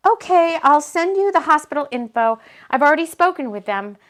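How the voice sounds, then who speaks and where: A woman voicing a female Reiki healer, speaking in a soothing, steady, reassuring way. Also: high voice, brisk, voice pushed up. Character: calm, caring female Reiki healer friend.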